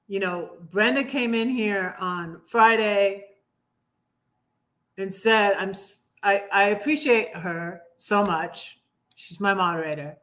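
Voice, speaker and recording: Middle-aged woman on a livestream, slow rambly talk, sarcastic, bright voice. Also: fairly high pitch. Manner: rambling, restarts, sarcastic, gets heated. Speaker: livestream host. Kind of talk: casual political rant.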